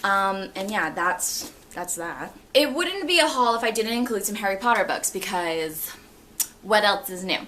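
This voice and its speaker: A young woman in her twenties chatting casually and excitably about her books, laughing often. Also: mid-range voice, a little hiss or hum. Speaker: book vlogger. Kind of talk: casual chat.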